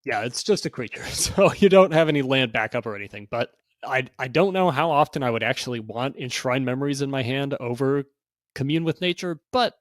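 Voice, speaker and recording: A man's voice: medium pitch, lively intonation, brisk, no echo, clean studio sound. A man co-hosting a casual card game review podcast, speaking hesitantly and hedging his opinions. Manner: hesitant, hedging, laughs often. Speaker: podcast co-host.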